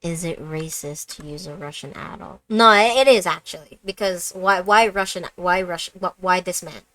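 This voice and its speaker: A woman's voice: fairly low pitch, moderate pace, sharp tone. A woman playing a game and chatting casually, with joking asides and mumbled remarks. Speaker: game streamer. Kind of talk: casual let's-play commentary, reading game dialogue aloud.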